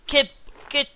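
A teenage boy commentating his game, quick to groan and yell when things go wrong. He talks at an unhurried, drawn-out pace. Loud noise hangs under the whole recording. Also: extremely high pitch. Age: teens. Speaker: gamer. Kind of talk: let's-play commentary.

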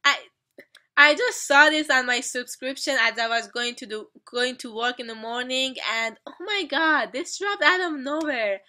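A young woman hosting a casual music video reaction, gushing and stammering with excitement. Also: sits high, normal speed.

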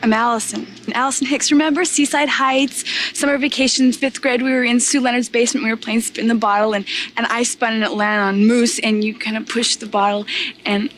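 A woman's voice: on the high side, steady tone, brisk, a bit bright, a little hiss or hum, close to an everyday voice. An actress playing an earnest young woman in a film, rambling breathlessly as she pleads to be remembered. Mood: pleading. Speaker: film character.

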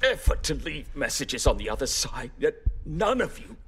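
A gravelly, cryptic captive. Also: male voice, mid-range voice, very animated, normal speed, fairly bright tone, heavily acted. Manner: intense, theatrical, drops to whispers. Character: cryptic trapped man serving a Mother. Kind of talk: video game voice acting.

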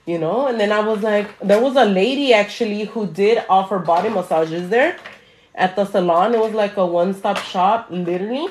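A woman nail artist, telling a story casually while she does nails at home, animated, swearing freely and slipping into Spanish. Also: medium pitch, moderate pace, slight background noise. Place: home room.

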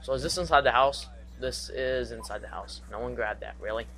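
A young man giving live gameplay commentary, excitable and goofy, trash-talking with singsong asides. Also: mid-range voice, fairly quick. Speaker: gaming commentator.

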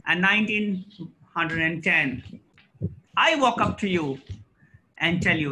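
A middle-aged man delivers a formal lecture, his voice bright and forceful and pitched a little high. He talks in an emphatic, rhetorical way, with pauses and restarts. A faint noise sits under the recording. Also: lively intonation, rough recording. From India. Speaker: guest lecturer.

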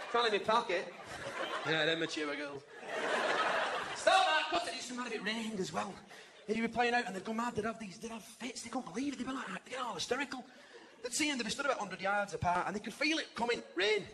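A man's voice: sits high, animated, fast, very noisy. A man in his forties with a Northern English accent, doing live stand-up, chatty and mimicking people, laughing along. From England. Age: 40s. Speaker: stand-up comedian. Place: large arena stage. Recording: echoey arena, roaring crowd.

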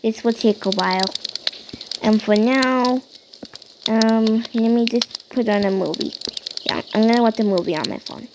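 A woman's voice: fairly high pitch, moderate pace, noisy background. A woman chatting and rambling as she narrates a game role-play.

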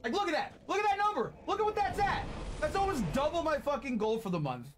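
A man in his late twenties, chatting casually and profanely with his live-stream audience while he plays a game, loud one moment and soft and thankful the next. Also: very high voice, fast, background noise. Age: late 20s. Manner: excitable and profane, swinging between loud outbursts and soft thanks.

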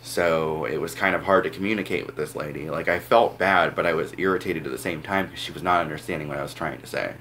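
A man's voice: very deep voice, fast, hardly any pauses, fairly bright tone, slight background noise. A young man telling a rambling personal story in a casual vlog, full of "like" and "um". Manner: rambling, filler-heavy, says "like" a lot. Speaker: vlogger.

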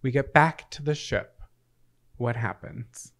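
A man's voice: medium pitch, slow pace, a bit bright. Chatty playful male podcast co-host. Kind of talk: casual chat.

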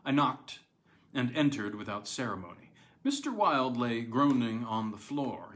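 A man narrating an audiobook of a classic tale in a measured, dramatic way. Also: on the low side, a bit bright. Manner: measured, dramatic storytelling with slight stumbles. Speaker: audiobook reader.

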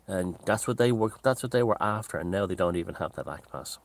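Man, very low pitch, casual monologue, opinionated, rambling, restates points. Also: expressive, brisk, hardly any pauses. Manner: discursive and opinionated, circling back to restate points. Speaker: author and commentator hosting his own channel.

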